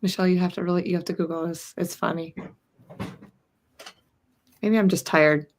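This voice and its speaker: A woman joins a casual sewing livestream, talking in a relaxed, encouraging way. Her voice sits somewhat low for a woman. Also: normal speed, slight background noise.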